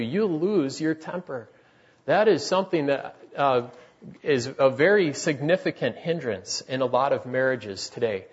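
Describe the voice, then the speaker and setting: A man in his thirties preaching a sermon in an earnest, halting way, with many restarts and fillers. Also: mid-range voice, highs cut off.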